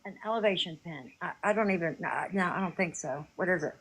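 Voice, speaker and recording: A woman calling into a live debate, halting with ums and restarts, then lecturing firmly. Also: lowish voice, a bit bright, low-quality recording. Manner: hesitant with many ums, then preachy and emphatic. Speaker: caller in a debate.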